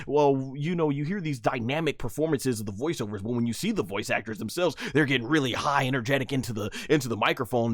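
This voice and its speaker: A man talks through a wrestling event in a casual recap, his voice sitting a little high and climbing further when the action excites him. He is recorded close and dry, with no room sound around him. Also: no echo. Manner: excitable, animated recounting with laughs and shouts. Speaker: wrestling reviewer.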